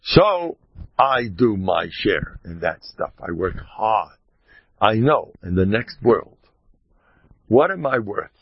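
A man's voice: lowish voice, big pitch swings, slow pace, slightly rough, no room sound. A man giving an informal Torah talk as a rabbi, mock-boasting with wry sarcasm, rambling through asides and sprinkling in Hebrew and Yiddish terms. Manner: rambling, self-interrupting asides. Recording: dull lo-fi recording.

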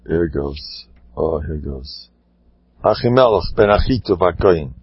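A man tells a Torah story in a dramatic class, dropping to low mutters and then bursting into impassioned shouts. His voice is husky and close. The recording is dry and dull, like lo-fi audio. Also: expressive, measured pace, dry recording. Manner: swings from mumbling asides to impassioned shouting. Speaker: Torah teacher.

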